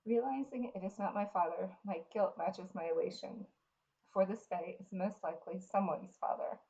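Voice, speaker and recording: A woman reading a fantasy novel aloud in the first person, in an earnest, unhurried way. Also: medium pitch, dark tone, muffled recording. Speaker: reader.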